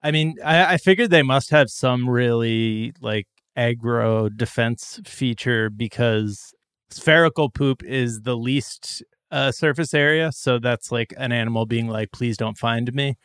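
A man co-hosting a podcast, tossing off jokey quick quips in casual chat. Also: medium pitch, fairly bright tone, smooth, dry recording, studio quality. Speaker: podcast co-host.

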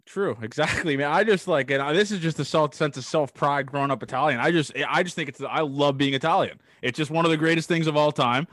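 A man's voice: on the high side, quick pace, few pauses, a bit bright, no echo, clean studio sound. A young man from Toronto hosting a casual chat, enthusiastic and prone to big, sweary praise. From Toronto, Canada. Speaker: podcast host.

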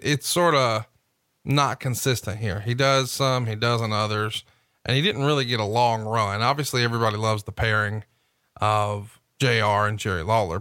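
A man's voice: fairly low pitch, a bit bright, dry recording, studio quality. A man hosting a casual podcast chat, recapping events and asking teasing questions. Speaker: podcast host.

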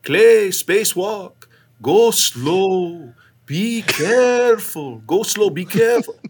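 A man voicing a cautious male cosmonaut who speaks slow, halting broken English. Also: high-pitched, expressive, a little hiss or hum, voice pushed up, exaggerated voice. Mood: cautioning.

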